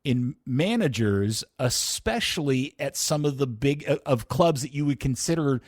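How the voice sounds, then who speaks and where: A man co-hosting a podcast in casual chat, often restarting his sentences and breaking into laughs. His voice sits at a middling pitch, recorded close and dry with no room sound. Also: lively intonation, measured pace, no echo. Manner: rambling, self-correcting, laughs often. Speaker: podcast co-host.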